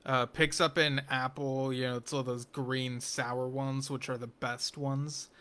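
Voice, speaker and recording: A man's voice: mid-range voice, level tone, unhurried, a bit bright, smooth. A man giving a casual spoken review of a TV episode, rambling with frequent ums and restarts and dropping wry, geeky asides.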